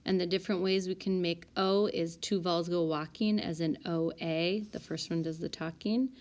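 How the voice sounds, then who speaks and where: A woman teacher calmly and methodically working through a spelling list for small reading groups, correcting herself aloud now and then. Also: fairly low pitch, normal speed. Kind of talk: recorded spelling lesson walkthrough. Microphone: tablet microphone.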